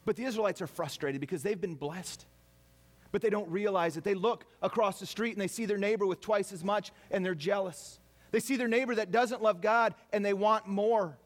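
High-voiced man preaching animatedly. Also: normal speed. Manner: animated preaching, acts out quoted complaints. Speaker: pastor. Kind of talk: sermon.

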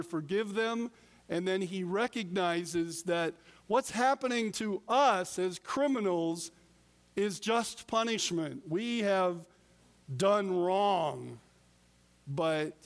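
A man preaching a sermon as pastor, deliberate with emphatic pauses. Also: high-pitched, in a large hall.

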